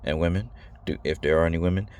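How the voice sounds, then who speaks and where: Speaking fast in a deep, slightly mellow voice, this man addresses his viewers casually on camera. He's blunt and slangy, rambles, and says things more than once.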